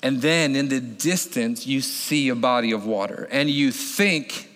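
A man in his thirties preaching a sermon as a pastor, telling the story with animated delivery and acting out voices. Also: medium pitch, a little slow, few pauses. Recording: long hall reverb.

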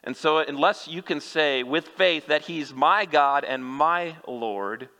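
Speaking in a bright, forceful voice on the high side, a pastor delivers his sermon slowly and talks earnestly straight to the congregation. Long reverb makes it sound like a church sanctuary.

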